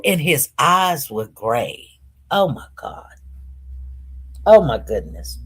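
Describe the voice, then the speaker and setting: A middle-aged woman hosting a stream, telling a personal story in a casual, animated way and often repeating words. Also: fairly low pitch, takes it slowly, long pauses, husky. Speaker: host. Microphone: streaming setup.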